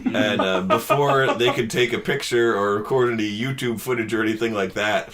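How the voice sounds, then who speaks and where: A man's voice: fairly low pitch, normal speed, fairly bright tone. A man co-hosting a comedy podcast, chatting casually and laughing as he fills in details of a shared gaming story. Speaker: podcast co-host.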